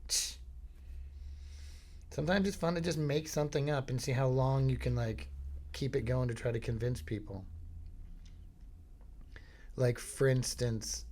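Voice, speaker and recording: A man's voice: mid-range voice, mellow. A man from Florida hosting a podcast, telling rambling, jokey stories in a casual comedic monologue. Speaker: podcast host.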